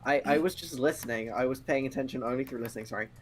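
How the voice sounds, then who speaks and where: A woman's voice: extremely low pitch, racing, a loud crowd. A woman chatting hesitantly and apologetically on a game stream with friends. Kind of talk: casual game stream chat.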